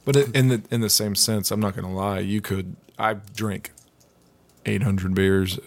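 A man in easygoing talk, his voice low and recorded dry and close with no room around it. He rambles loosely, swears freely, and chuckles as he talks. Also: steady tone, moderate pace, dry recording. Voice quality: loose and profane, with laughing asides. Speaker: podcast co-host. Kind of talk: casual chat.

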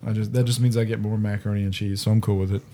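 A man in his thirties telling stories in a casual chat over beer, animated and laughing as he goes. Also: fairly low pitch, racing. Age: 30s.

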